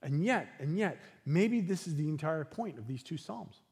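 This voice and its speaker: A man preaching a sermon as pastor, earnest and unhurried, dropping into soft, hushed passages. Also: fairly high pitch, lively intonation, husky, big-room sound.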